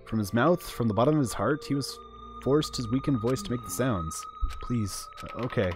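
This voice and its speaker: A man streaming a visual novel, reading the narration aloud in a casual, animated way. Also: mid-range voice, moderate pace. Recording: faint background game music.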